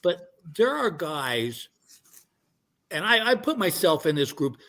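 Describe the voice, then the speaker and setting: A man's voice: fairly high pitch, sing-song, takes it slowly, bright, forceful tone. An older man, a guest comedian, telling stories in casual chat and rambling with many restarts.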